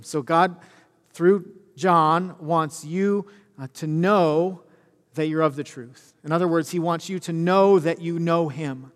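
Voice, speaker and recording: A man's voice: on the high side, a little slow. A man giving a sermon as pastor, conversational and self-deprecating, full of fillers. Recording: long reverb of a church hall.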